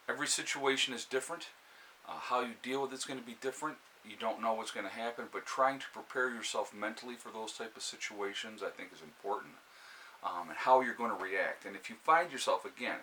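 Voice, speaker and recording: A man with a New York accent, hosting a casual live stream and giving steady, calm advice with plenty of fillers and restarts. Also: on the low side, a little hiss or hum, low-quality recording. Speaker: prepper channel host. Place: indoors by a fire, with a cat nearby.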